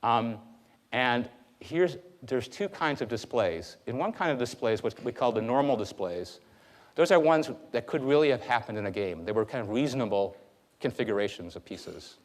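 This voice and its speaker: A male university lecturer giving a classroom lecture in a hall, talking in a lively, conversational way with frequent fillers. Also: mid-range voice, moderate pace.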